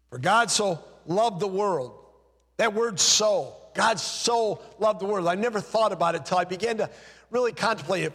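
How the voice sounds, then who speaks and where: A man preaching a sermon with impassioned delivery, his voice dropping low and soft on key phrases. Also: big-room sound.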